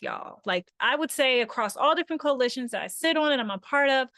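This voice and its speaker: A woman's voice: a little high, lively intonation, fast, hardly any pauses, a bit bright, dry recording, studio quality. A woman facilitating an online workshop over a video call, talking conversationally and often checking in with her listeners.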